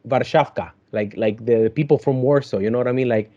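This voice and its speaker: Mellow-voiced man on a dull lo-fi line. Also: medium pitch, a little fast. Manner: hesitant, lots of fillers and restarts. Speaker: podcast guest. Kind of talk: casual podcast chat. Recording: dull lo-fi sound.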